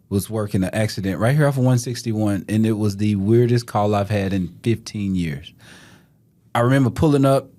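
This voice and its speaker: A man's voice: fairly low pitch, warm tone. A man in his thirties from Texas, a police officer telling a story on a podcast, acting out the quotes and laughing often. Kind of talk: casual storytelling.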